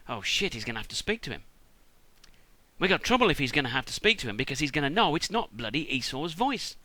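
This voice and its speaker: A man's voice: fairly high pitch, sing-song, fast, bright, forceful tone, dry recording, low-quality recording. A British man retelling a Bible story as a comedy, irreverent, chatty and full of swearing.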